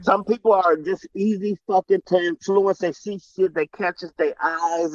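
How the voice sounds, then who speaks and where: A man's voice: high-pitched, a little slow, no echo. A man talking emphatically in a casual group discussion, repeating words and swearing casually. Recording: muffled lo-fi sound.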